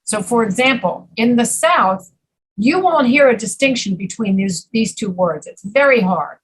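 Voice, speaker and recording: A woman's voice: on the high side, lively intonation, husky, low-quality recording. A woman teaching an online pronunciation class, patiently modeling words over a video call. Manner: patient, explains slowly, models words carefully.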